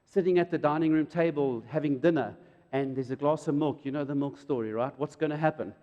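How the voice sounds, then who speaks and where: A middle-aged man preaches a sermon, his fairly high voice leaping into loud emphatic peaks. The sound rings with the long reverb of a church hall. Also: brisk, highs cut off. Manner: animated, jumps to loud high emphasis and acts out quotes. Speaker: pastor.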